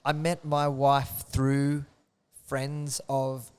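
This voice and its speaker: Animated man telling stories. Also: medium pitch, very slow, smooth. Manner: animated storyteller, acts out quoted lines, laughs often. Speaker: interview guest, martial arts coach. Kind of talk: casual interview conversation.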